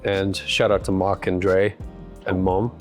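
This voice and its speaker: A man from South Africa hosting a podcast, talking in a chatty, relaxed way and often saying "like". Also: low-pitched, a little slow, faint music behind. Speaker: podcast host. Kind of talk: casual podcast conversation.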